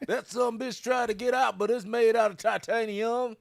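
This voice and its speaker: A man putting on the voice of a boastful, rowdy backwoods trapper, hollering his boast loudly. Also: very high-pitched, steady tone, moderate pace, gravelly, no echo, studio quality, pitched above the performer's own voice.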